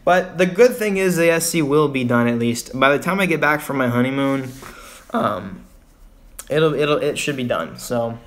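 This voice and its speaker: A young man from Texas talks to his livestream viewers in a loose, rambling way. He sighs often and circles back to his frustration. His voice sits at an ordinary middle pitch. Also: moderate pace, a bit bright. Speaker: vlogger on a livestream. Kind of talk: casual livestream venting.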